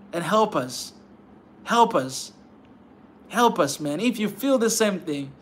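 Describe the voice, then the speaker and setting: On his pan-African channel's livestream, a man with a fairly high pitch urges viewers fervently and repetitively, closing phrase after phrase with "man." There's slight background noise.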